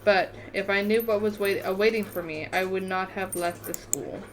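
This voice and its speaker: A woman's voice: medium pitch, normal speed, a little hiss or hum. A woman reading the text of a story game aloud in a casual let's-play manner, often tripping over words and correcting herself. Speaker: gamer reading a visual novel aloud.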